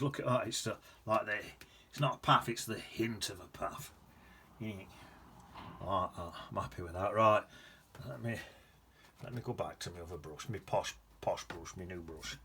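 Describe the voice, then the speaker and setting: A man's voice: fairly low pitch, moderate pace, fairly bright tone, a little hiss or hum. A man giving a casual watercolour painting demonstration, rambling along with muttered asides to himself. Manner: chatty, rambling self-talk with muttered asides. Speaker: painting teacher.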